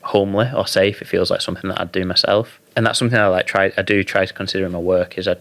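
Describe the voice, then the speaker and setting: Young man, deep voice, relaxed, hesitant, casual interview. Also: racing. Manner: laid-back, hesitant, lots of ums and likes. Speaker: guest, model and consultant.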